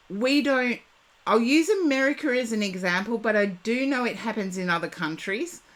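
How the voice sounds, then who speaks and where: A woman's voice: a little high, a bit bright. An Australian woman in her fifties, a psychic chatting casually with viewers on a live stream, rambling and digressive. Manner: chatty and digressive, drawn-out words.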